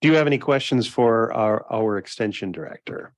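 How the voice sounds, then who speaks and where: A man runs a committee meeting in a brisk, friendly way. His voice sounds dry and close, with no room around it. He moves speakers along with short prompts. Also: lowish voice, expressive, no echo. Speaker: committee chair. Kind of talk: chairing a meeting.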